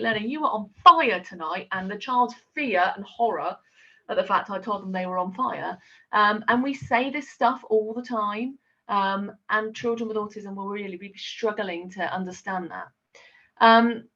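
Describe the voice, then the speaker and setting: A woman's voice: mid-range voice, fairly bright tone. A middle-aged woman teacher giving a chatty, explanatory training talk, with many fillers. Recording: dull lo-fi sound.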